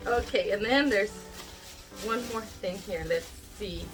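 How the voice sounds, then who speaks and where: Over music, a woman speaks slowly in a medium pitch. She's a crafter on YouTube opening viewers' friend mail, and her casual vlog talk is full of gushing, gasps and exclamations as she grows teary and almost cries.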